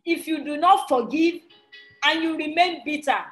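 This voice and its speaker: A woman's voice: sits high, normal speed, fairly bright tone, echoey room, soft background music, low-quality recording. A woman leading a women's prayer ministry, preaching earnestly and reading scripture aloud, pleading and at times bursting out emphatically.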